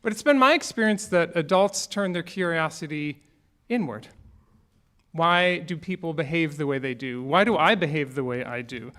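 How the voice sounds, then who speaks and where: Male minister, fairly high voice, relaxed conversational sermon with humor. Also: normal speed. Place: church sanctuary.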